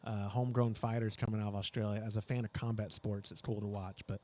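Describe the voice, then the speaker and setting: A man's voice: fairly low pitch, little pitch movement, quick pace, warm tone. A man hosting a homebrewing podcast in casual, joking, rambling chat. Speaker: podcast host. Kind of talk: casual live-stream chat.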